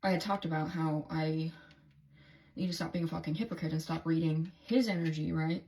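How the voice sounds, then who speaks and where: A woman's voice: deep voice, steady tone, brisk, a little mellow. A woman doing a casual, candid tarot reading for her video diary, rambling and swearing freely as she talks to herself and her viewers. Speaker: tarot reader.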